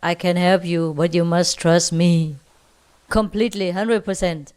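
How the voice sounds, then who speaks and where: A woman doing a calm lowered voice of God. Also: a little slow, clear, resonant tone, lightly acted.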